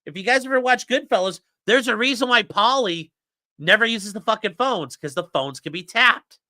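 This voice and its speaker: On a casual livestream, a man rants sarcastically and swears while reading aloud and mocking legal filings. His voice is high and sharp at a moderate pace, captured with clean studio sound and no echo.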